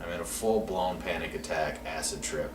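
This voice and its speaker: A man's voice: sits low, moderate pace. A man telling a rambling, profane story in casual podcast talk. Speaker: podcast co-host. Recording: echoey room, distant mic, noisy.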